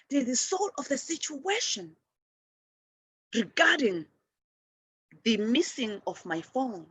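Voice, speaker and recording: Breathy, fairly high-voiced woman host. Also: big pitch swings, takes it slowly, long pauses. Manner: earnest, with frequent restarts and repeated words; addresses souls in soft loving affirmations. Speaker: show host. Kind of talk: spiritual forgiveness practice talk.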